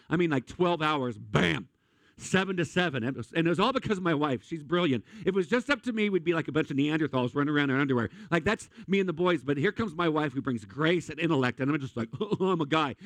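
A male pastor telling lively, funny stories during a sermon. His voice sits fairly high for a man and sounds close and dry. He moves quickly between jokes and earnest points. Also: no room sound. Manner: animated comic storytelling.

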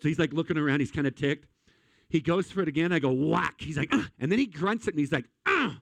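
A male pastor telling lively, funny stories during a sermon. His voice sits fairly high for a man and sounds close and dry. He moves quickly between jokes and earnest points. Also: gravelly, no echo. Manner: animated comic storytelling.

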